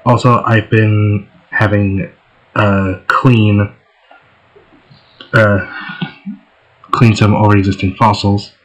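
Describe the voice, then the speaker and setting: A man's voice: lowish voice, flat delivery, slow pace, long pauses, rough recording. A man hosting a let's play, giving casual gameplay commentary in a laid-back, joking way.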